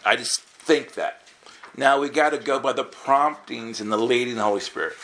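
A man preaching in a casual storytelling way, acting out the dialogue with sudden jumps in his voice. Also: moderate pace. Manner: animated storytelling, acts out dialogue with jumps in pitch. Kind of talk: storytelling sermon.

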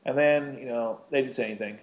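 A man's voice: medium pitch, fast, a little mellow. A man casually telling a personal story, rambling and breaking off mid-sentence with small laughs. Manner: rambling, self-interrupting, chuckling between thoughts. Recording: dull lo-fi recording.

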